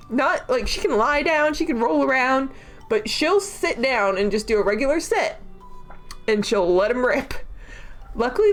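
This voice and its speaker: A young adult woman chatting casually on a livestream, rambling with lots of fillers and frequent giggles. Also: on the high side. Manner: giggly, rambling, laughs often. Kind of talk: casual chat stream.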